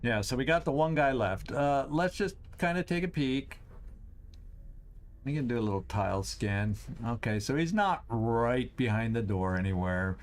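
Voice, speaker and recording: A man hosting a game stream, thinking aloud through his moves, tallying enemies and cheering loudly at big shots. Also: medium pitch, expressive, moderate pace. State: has the hiccups. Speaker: host. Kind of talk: gameplay commentary.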